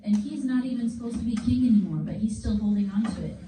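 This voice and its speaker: Woman teacher, kids' Bible lesson, animated and casual, dark mellow voice, echoey distant sound with faint noise. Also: a little high, fast. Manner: animated, casual storytelling with props. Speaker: children's church teacher. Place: church classroom. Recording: roomy, distant mic, faint background noise.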